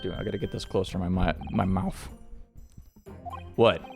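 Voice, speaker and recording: A man's voice: low voice, steady tone, quick pace, vocal fry, music in the background. A man streaming a game, chatting casually and rambling with lots of restarts. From United States. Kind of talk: casual chat while playing a game.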